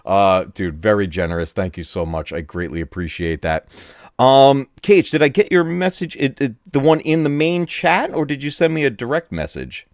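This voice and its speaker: A man hosting a casual live gaming stream from home, excitable and laughing often as he talks to his chat. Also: mid-range voice, moderate pace, dry recording, studio quality. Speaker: gaming channel host. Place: home room.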